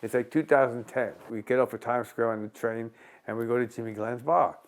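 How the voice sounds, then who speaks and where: Sixties New man, a former boxer being interviewed, mid-pitched, storytelling with lots of restarts. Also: brisk. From Long Island, New York. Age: 60s. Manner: animated, acts out quotes in a raised voice, repeats and restarts. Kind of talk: conversational storytelling.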